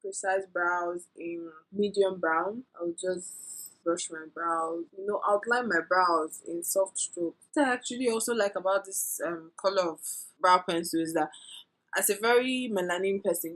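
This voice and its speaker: A woman with a bright, forward voice chats through a makeup tutorial. She speaks straight to her viewers, playful and rambling, and mixes tips with asides. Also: on the low side, unhurried, poor audio. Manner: instructive, addresses viewers directly. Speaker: beauty vlogger.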